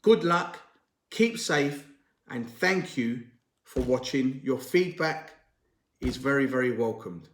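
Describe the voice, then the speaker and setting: A man who trains garage staff, giving a measured, deliberate talk to camera and stressing key words as he explains. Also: medium pitch, lively intonation, a bit bright. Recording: roomy echo.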